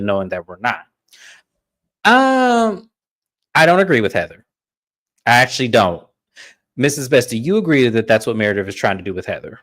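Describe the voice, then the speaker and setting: Chatty man recapping reality TV. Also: medium pitch. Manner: animated, mimics the cast in quoted asides. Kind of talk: casual recap commentary.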